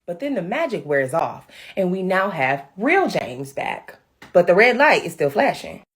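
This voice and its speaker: Sassy, animated woman recapping a movie. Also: lowish voice, a little slow. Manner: sassy, animated storytelling with slang. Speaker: comedy recap host.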